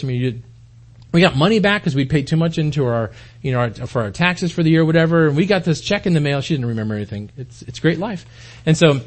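A man in his forties preaching a conversational sermon to a congregation in a church hall, folksy and full of rhetorical questions. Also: on the high side. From United States. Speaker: pastor.

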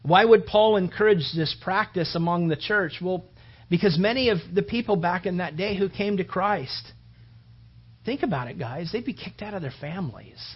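A man's voice: sits high, lively intonation, moderate pace, husky. A man preaching a conversational sermon, rambling casually and peppering his talk with "you know" and "man". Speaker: pastor. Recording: dull lo-fi recording.

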